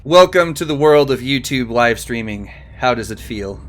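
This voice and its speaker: A man's voice: medium pitch, animated, moderate pace, a bit bright. A man hosting a live gaming stream, chatting, greeting guests, and laughing often. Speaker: streamer host.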